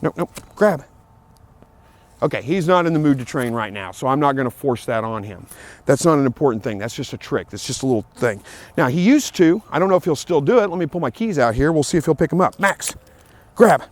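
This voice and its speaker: A man's voice: mid-range voice, lively intonation, quick pace. A man talking casually outdoors about training his dog, plain and easygoing, repeating himself and calling out commands to the dog now and then. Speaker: dog owner giving training tips. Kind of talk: casual outdoor vlog talk. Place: outdoors in a field.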